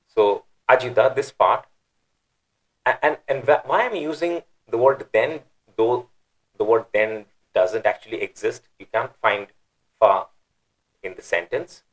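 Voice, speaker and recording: A man teaching the grammar of a Quran verse. He thinks aloud with pauses and restarts, and he stresses words and breaks them down slowly. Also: mid-range voice, rough recording. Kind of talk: explaining Arabic grammar.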